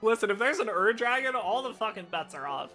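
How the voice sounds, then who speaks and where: Brief: excitable streamer, bright tone, music faint behind. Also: medium pitch, brisk. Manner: enthusiastic, swearing, rambling. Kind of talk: casual live-stream chat.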